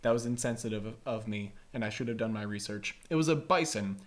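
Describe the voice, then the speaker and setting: This host chats casually about camp life in a rambling, jokey way, with frequent ums and uhs. The voice sits at a middle pitch for its owner. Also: fast talker. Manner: rambling, jokey, many fillers. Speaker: camp staff podcast host. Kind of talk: casual chat.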